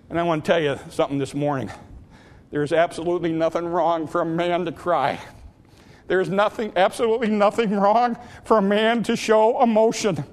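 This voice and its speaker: A middle-aged male pastor in full sermon mode, with a notably high voice. He climbs to fervent, near-shouted peaks and then falls back to soft, confiding remarks to the congregation. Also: fairly even intonation, moderate pace. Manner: preachy, rising to impassioned peaks and dropping to quiet asides.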